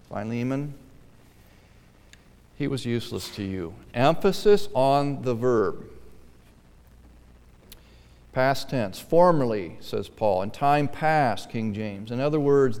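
A man delivers a sermon, his pitch sitting in an ordinary middle range. He drives his points home with swelling emphasis and slips into voicing churchgoers' small talk. The voice carries a long reverberant tail from a church sanctuary. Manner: preaching with swelling emphasis, acting out quoted churchgoers. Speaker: pastor.

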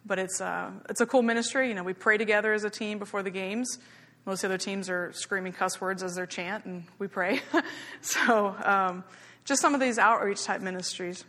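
A woman's voice: medium pitch, steady tone, normal speed. A woman giving a chatty, candid church report on her missionary work, teary in places. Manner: chatty and candid, laughing easily, softening when emotional. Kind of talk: informal church talk. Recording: long hall reverb.

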